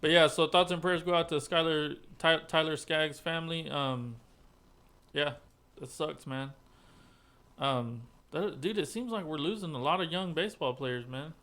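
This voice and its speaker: A man hosting a loose sports podcast with friends. His voice sits a bit high, and he rambles, restarts and swears freely as he goes. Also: normal speed, sharp tone. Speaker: podcast host. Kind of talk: casual chat.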